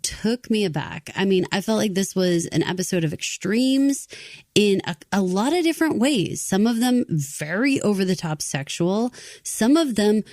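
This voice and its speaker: Chatty female podcast co-host, mid pitch, dry close-miked sound. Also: moderate pace, no echo. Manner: expressive, chatty, uses many fillers like 'like'. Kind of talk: casual TV recap chat.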